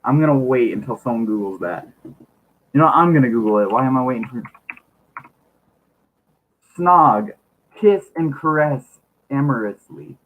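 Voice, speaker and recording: A man reading a book aloud on his channel, stumbling over words and breaking off for wry joking asides. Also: mid-range voice. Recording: tinny lo-fi mic, faint hiss.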